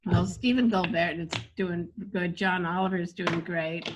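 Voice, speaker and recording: A woman's voice: fairly low pitch, fairly even intonation, normal speed, crowd noise. A older woman coaching comedy in casual chat, reading jokes aloud and laughing often.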